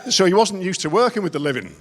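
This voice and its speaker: A middle-aged male comedian with a rather high voice tells self-deprecating after-dinner stories. His voice rings around a large conference dinner hall with a long reverb. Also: sing-song, quick pace, crowd noise, noisy background. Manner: wry, self-deprecating storytelling. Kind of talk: stand-up comedy routine.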